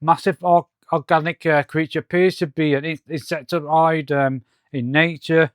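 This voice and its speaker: A man reading the lines of a scheming male mad scientist villain from a comic, halting with fillers. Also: fairly high pitch, little pitch movement, no room sound, clean studio sound, close to an everyday voice. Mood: boastful.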